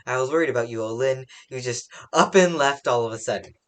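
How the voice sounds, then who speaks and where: A reviewer putting on a huge old pirate queen from a comic, suddenly all sugar and motherly concern. The voice leaps far up in pitch into a syrupy high coo, loud and a touch distant from the mic, racing through the words. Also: fast, close to an everyday voice.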